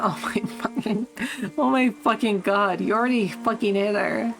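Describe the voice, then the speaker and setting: A woman's voice: medium pitch, normal speed, gravelly, slight background noise, rough recording. A young adult woman streamer reading a visual novel aloud, breaking off for profane, laughing asides. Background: background music and rain.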